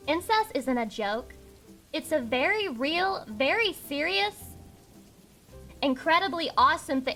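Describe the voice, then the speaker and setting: Brash high-voiced woman streamer. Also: pushed and bright. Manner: brash, swearing, reads chat aloud. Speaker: VTuber streamer. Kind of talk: live stream chat reacting.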